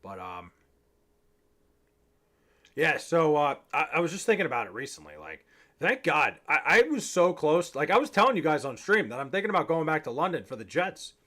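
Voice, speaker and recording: A man's voice: on the high side, very animated, moderate pace, bright, forceful tone. A young man on a livestream, chatting casually, rambling and swearing, a little tipsy. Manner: rambling, profane, joking. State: a bit tipsy. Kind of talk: casual chat to stream chat.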